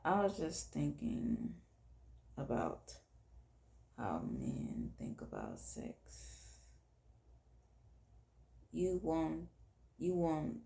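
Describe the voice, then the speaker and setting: A woman host with a Southern US accent, speaking frankly and deliberately, addressing men directly. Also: low voice, wildly swooping pitch, vocal fry, dark tone, echoey room. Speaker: podcast host. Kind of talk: frank monologue on faith and relationships.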